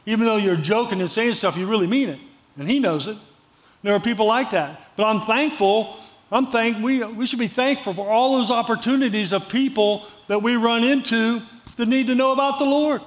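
A man's voice: very high-pitched, moderate pace. A male pastor preaching a sermon in a conversational, storytelling way, repeating phrases for emphasis.

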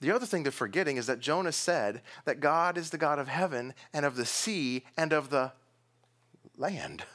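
A man's voice: a little high, lively intonation, moderate pace, a bit bright. A man preaching a sermon as pastor, talking casually, laughing now and then and stressing some words strongly. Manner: conversational preaching with laughs and sudden bursts of emphasis.

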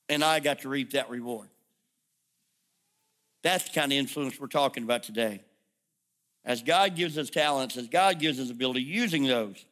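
Bright, lively preaching pastor. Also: male voice, high-pitched. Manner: animated storytelling with humor and asides. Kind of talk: sermon.

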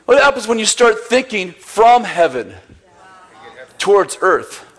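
A man's voice: high-pitched, sing-song, a little slow, a bit bright. A man preaching a sermon, telling a story with acted-out dialogue and bursts of laughter. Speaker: pastor.

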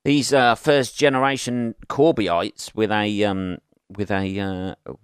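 Middle-aged man, solo podcaster, low smooth voice, sweary rambling chat. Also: steady tone, takes it slowly, no echo, clean studio sound. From England. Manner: sweary, rambling and chatty, asking rhetorical tag questions. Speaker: podcast host.

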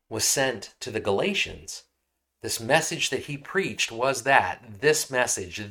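A man preaches a sermon to his congregation in an easygoing, talky manner. His voice sits on the lower side, and he keeps checking in with listeners as he explains scripture and tells stories. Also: fairly bright tone. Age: adult, married. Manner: conversational, often asks "right?". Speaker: pastor.

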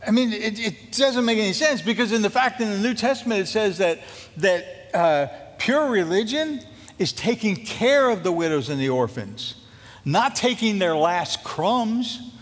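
Animated male pastor in a reverberant hall. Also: sits high, a little slow. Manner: animated, jokey storytelling that acts out scripture quotes. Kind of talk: sermon.

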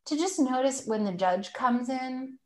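A woman talking as a podcast guest in casual conversation, reflective and gentle, with many fillers like "like" and "right?". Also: high-pitched, lively intonation, measured pace.

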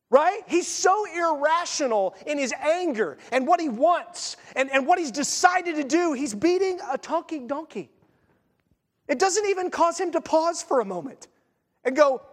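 A male pastor preaching a sermon in an animated, conversational way, firing off rhetorical questions and acting out the story. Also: very high voice, normal speed. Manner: acts out story voices. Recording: long reverb in a church hall.

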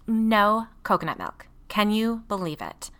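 A woman's voice: mid-range voice, sing-song, a little slow, a bit bright, pitched above the performer's own voice. A woman voicing a pushy, dramatic suburban woman who talks in a whiny, gushing, theatrical way. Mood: chatty.

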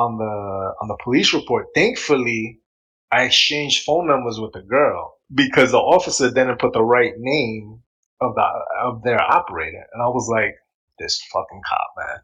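A man in casual chat, telling a story in an animated way, swearing freely and acting out what people said. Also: mid-range voice, a little slow, slightly rough, low-quality recording.

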